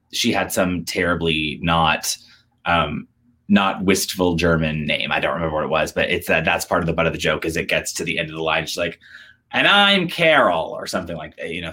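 A man with a very low voice tells movie trivia in a loose, rambling way. He fills his talk with "like" and "um" and keeps jumping between asides. It sounds like a relaxed chat with a friend. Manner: rambling storyteller with many fillers, animated. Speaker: podcast co-host.

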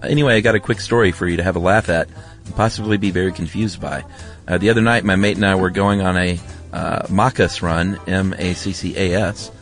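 A man co-hosting a relaxed podcast, easygoing and quick to laugh. His voice sits on the low side, and he talks in an unhurried, conversational way. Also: soft background music. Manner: laid-back, laughs easily. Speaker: podcast co-host. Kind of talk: casual podcast chat.

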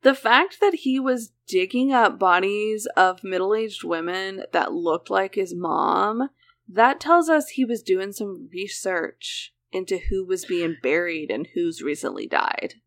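Speaking slowly with lively intonation, this woman has a mid-range, slightly bright voice. As a podcast host she casually walks through a true crime case, mixing read details with chatty tangents and frequent uses of "like."

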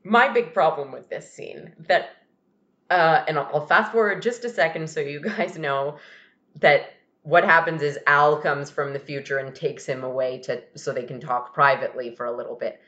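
A woman's voice: low-pitched, moderate pace. A woman co-hosting a casual podcast, recapping a TV episode and acting out lines between laughs. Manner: animated, laughing, acts out quoted lines. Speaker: podcast co-host. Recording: dull lo-fi recording.

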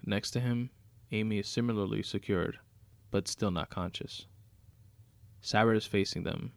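A man narrating a dark crime story aloud in a steady, matter-of-fact way. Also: lowish voice, moderate pace, creaky, dry recording.

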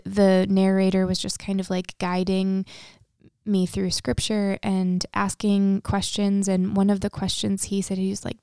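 A young woman talks earnestly and a bit tearfully, full of little fillers. Her voice is gravelly and mellow, with a flat, even melody. The sound is dry and close. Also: mid-range voice, no room sound. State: tearful, emotional. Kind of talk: casual faith conversation.

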